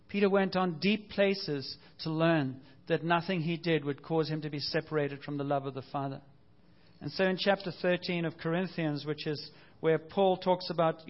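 Earnest male preacher, slightly high voice. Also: muffled recording. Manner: earnest, conversational preaching with rhetorical questions. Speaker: pastor. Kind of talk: sermon.

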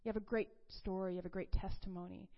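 A woman's voice: mid-range voice, little pitch movement, quick pace, highs cut off. A woman giving a conversational sermon, telling a personal testimony in a chatty storytelling way and laughing often.

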